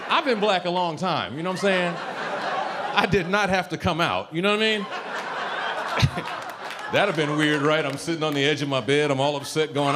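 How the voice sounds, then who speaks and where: A man from Ohio doing a stand-up comedy set, punchy and animated, with asides to the crowd. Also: on the high side. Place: comedy club stage, audience laughing. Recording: live club recording with audience noise.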